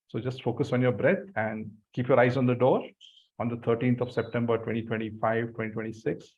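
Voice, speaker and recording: A man leading a group through a guided visualization exercise, giving slow breathing cues. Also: mid-range voice. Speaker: workshop facilitator. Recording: dull lo-fi sound.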